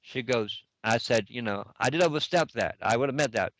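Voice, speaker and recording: A man's voice: medium pitch, fairly quick, fairly bright tone, no echo, low-quality recording. A middle-aged man casually retelling an online chat argument, reading back messages and repeating "I said" over and over. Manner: repetitive, reads back messages with constant "I said". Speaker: online game player recounting a dispute.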